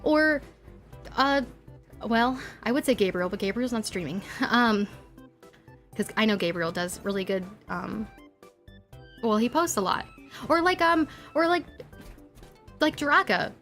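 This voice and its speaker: A young woman streaming and chatting casually, animated and ranting, laughing often and filling with likes and ums. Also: on the high side, measured pace, long pauses, soft background music. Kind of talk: casual live-stream chat while drawing.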